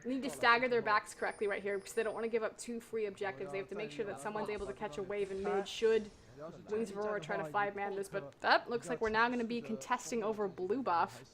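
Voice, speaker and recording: A woman's voice: mid-range voice, steady tone, a crowd in the background. Analytical female esports caster. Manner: analytical, brisk. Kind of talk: live play-by-play commentary.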